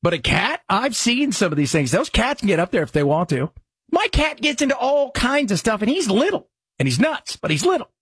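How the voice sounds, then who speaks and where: A talk radio host, a man with a slightly husky, raised voice, rambles from story to story in a loose conversational way. His studio mic sounds dry and close, with no room in it. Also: sits high, very animated, a little fast, a bit bright, dry recording. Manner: rambling, conversational, jumps between topics. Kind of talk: casual radio talk and live reads.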